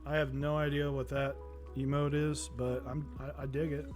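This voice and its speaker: A man chats casually while he hosts a live stream, his voice sitting at an ordinary middle pitch. He rambles through stories with restarts and stops to greet the people in the chat. Faint music plays softly behind him. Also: level tone, moderate pace. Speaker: keyboard-building streamer.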